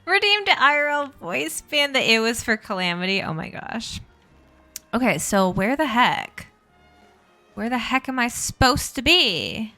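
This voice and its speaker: A woman's voice: on the high side, big pitch swings, measured pace, pushed and bright, soft background music. A woman live-streaming a game, chatting casually with viewers, thanking and greeting them and laughing often.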